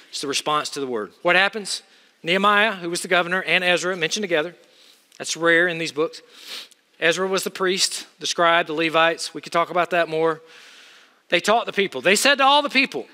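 Emphatic high-voiced man preaching in a hall. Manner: emphatic, swings from low asides to loud exhortation. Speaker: preacher teaching students. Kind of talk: sermon.

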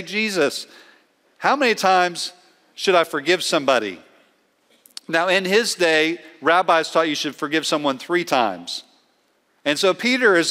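A man's voice: fairly high pitch, bright, forceful tone. Earnest man preaching in a reverberant hall. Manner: earnest, emphatic preaching with slowed stresses. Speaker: pastor. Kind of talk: sermon.

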